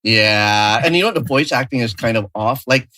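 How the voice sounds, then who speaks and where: A man chatting casually on a podcast with a dry, joking wit, often tripping over his words before landing a point. His voice is mid-pitched and sits close to a dry mic. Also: moderate pace, bright, forceful tone, dry recording, low-quality recording. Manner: wry, joking, stumbling restarts. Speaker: podcast co-host. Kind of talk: casual chat.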